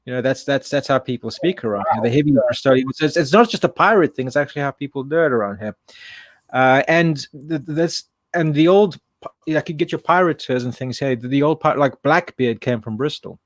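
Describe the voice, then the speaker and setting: A man's voice: mid-range voice, animated, brisk, no room sound. Chatty Englishman, rambling and dry. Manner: rambling, chatty, many restarts. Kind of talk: casual chat.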